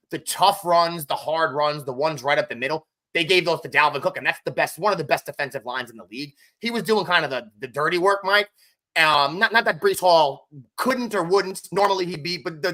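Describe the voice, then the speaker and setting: A man's voice: fairly high pitch, pushed and bright. A man co-hosting a casual sports podcast, talking animatedly and often turning to his co-host by name.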